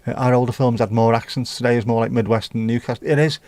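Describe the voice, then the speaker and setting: A man's voice: medium pitch, fairly even intonation, fast talker, a little mellow, dry recording. A British man hosting a casual livestream, reading out viewer comments and chatting about them in an opinionated, mildly profane way. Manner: reads viewer comments aloud and riffs on them. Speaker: livestream host.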